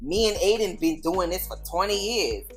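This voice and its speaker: A woman's voice: on the low side, lively intonation, normal speed, soft background music, close to an everyday voice. A woman voicing a flustered, defensive woman who denies everything, as part of a TV recap.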